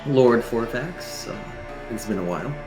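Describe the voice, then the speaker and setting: A man's voice: medium pitch, expressive, measured pace, music in the background, close to an everyday voice. A man playing a formal, guarded young noble. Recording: roomy echo.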